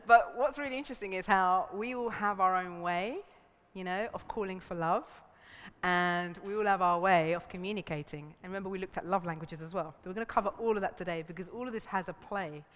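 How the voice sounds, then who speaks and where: A woman with a fairly low voice speaks a little fast as she leads a relationships seminar. She's lively, laughs often, and acts out voices when quoting, all recorded in a seminar room with a long hall reverb.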